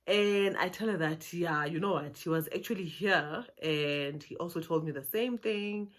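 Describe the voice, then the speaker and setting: A woman's voice: fairly low pitch, moderate pace. A South African woman telling a personal story to her viewers in a casual, chatty way, often laughing. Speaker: YouTuber.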